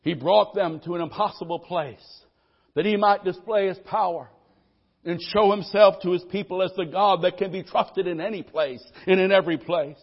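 A man preaching a sermon as pastor, calling for amens from the congregation and swinging from loud declarations to soft, low asides. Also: steady tone, normal speed, slightly rough, muffled recording. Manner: preaching with call-and-response amens, voices people's worries.

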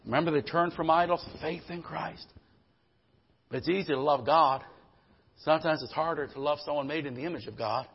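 A man preaching a sermon, emphatic, calling out to the congregation and swinging between loud bursts and quiet low passages. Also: moderate pace, gravelly, slightly rough, highs cut off. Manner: emphatic, calls out "Amen?" to the congregation.

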